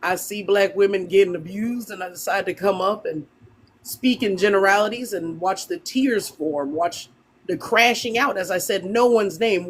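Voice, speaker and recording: A woman's voice: mid-range voice, slightly rough. A woman on a live panel debate, speaking in a scornful, combative way and confronting other guests.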